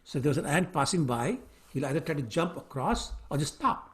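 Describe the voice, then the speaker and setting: Brief: male scripture teacher, casual storytelling, fairly high voice, very lively pitch. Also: fairly quick. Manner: animated storytelling with fillers. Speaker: lecturer on scripture. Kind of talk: storytelling class.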